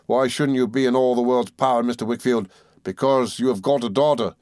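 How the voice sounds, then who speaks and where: A man putting on a scheming young clerk from a classic novel, oily and falsely humble, his talk sulky and wheedling. The voice sits higher than the reader's own narrating voice, in a dry recording with no room sound. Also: steady tone, a little fast, darkish tone, dry recording, lightly acted. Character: fawning, sly young male clerk schemer. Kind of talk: audiobook reading.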